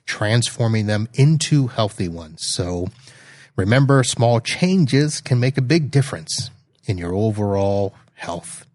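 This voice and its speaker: A man's voice: medium pitch, a little mellow, no echo. A man hosting a podcast, easygoing and joking at his own expense as he wraps up an interview. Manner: easygoing, laughs at himself. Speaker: podcast host. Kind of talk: conversational interview.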